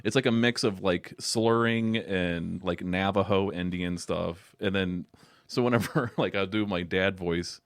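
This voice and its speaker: A man's voice: sits low, measured pace, no room sound. A young man chatting as a podcast guest, telling rambling stories with plenty of swearing and laughter. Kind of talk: casual chat.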